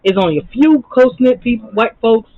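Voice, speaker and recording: A woman's voice: on the high side, a little fast, dry recording. A woman reacting to a TV episode, blunt and heated, swearing constantly. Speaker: TV show reactor. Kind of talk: profane casual reaction commentary. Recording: muffled lo-fi mic.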